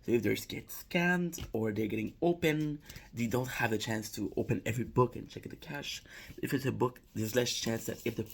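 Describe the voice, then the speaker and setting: Rambling man recapping a video, husky. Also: mid-range voice, moderate pace. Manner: rambling, repeats "right?", frequent restarts and laughs. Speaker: commentator recapping a prank call video. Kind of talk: casual reaction commentary.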